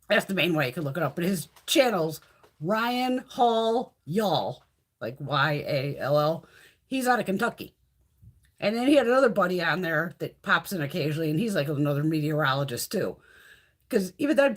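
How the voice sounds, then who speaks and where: Speaking in a slightly rough, fairly high voice, a middle-aged woman hosts a relaxed beauty-channel live stream. She swears plenty, talks freely with viewers, and reads their comments aloud.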